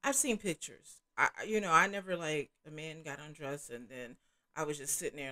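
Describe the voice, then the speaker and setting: A woman's voice: low-pitched, a little fast, sharp tone. Frank, chatty middle-aged woman. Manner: frank, candid, chatty with many fillers and restarts. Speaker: host. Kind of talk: casual adult chat.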